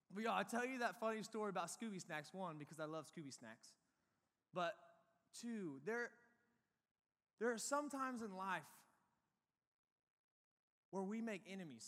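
A young man preaching, high-pitched and full of animated, excitable energy as he tells a story. His voice rings out with a long reverb, as in a large hall. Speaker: youth pastor. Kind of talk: sermon with a personal story.

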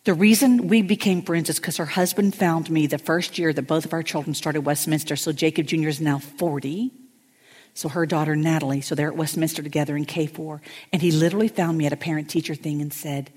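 A middle-aged woman tells stories with animated energy, jumping into a friend's voice. Her voice is slightly husky. It rings with the long reverb of a large hall. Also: quick pace. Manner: animated, acts out friends' voices with big pitch jumps. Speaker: pastor's wife speaking at a women's church event. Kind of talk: lively storytelling talk. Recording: hall reverb, from stage mic.

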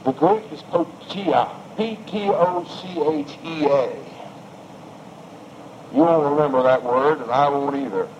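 A male preacher delivers a sermon in a slow, deliberate cadence, repeating key phrases for weight. His voice sits a little high. The recording is dull and lo-fi, with faint background noise. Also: darkish tone. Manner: emphatic, rising and falling delivery with repetition.

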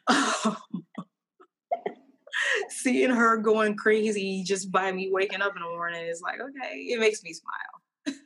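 Brief: woman, slightly low voice, sincere and reflective, casual faith chat. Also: a bit bright. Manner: earnest and reflective, speaks of God and joy.

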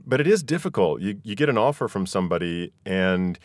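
A man hosting an interview podcast, relaxed and encouraging as he chats with his guest. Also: on the low side, fairly quick, dry recording, clean studio sound. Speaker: podcast host. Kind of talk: casual interview chat.

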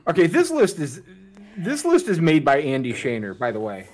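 High, animated mocking man. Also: moderate pace. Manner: mocking, swearing, reads a list aloud. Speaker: podcast co-host. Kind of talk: casual banter.

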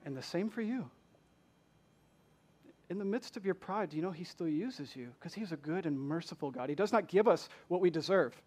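Passionate higher-voiced preacher with a Southern accent. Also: male voice, expressive, moderate pace, darkish tone. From Michigan. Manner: passionate, asks the congregation many rhetorical questions. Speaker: pastor. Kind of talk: sermon. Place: church.

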